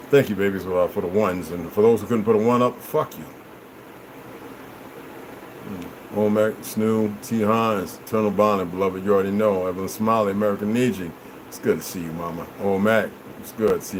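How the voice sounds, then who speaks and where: A man ranting on a livestream, cursing a lot and swinging between loud outbursts and low mutters. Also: fairly even intonation, moderate pace, a little hiss or hum, rough recording. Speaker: livestream host. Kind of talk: rambling livestream rant.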